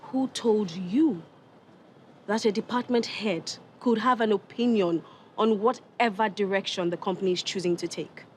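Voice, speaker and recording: A woman with a Nigerian accent plays a haughty young company executive in a TV drama, speaking coldly, cuttingly, and condescendingly. Her mid-range voice is a little mellow and close to everyday speech, at a moderate pace, with slight background noise.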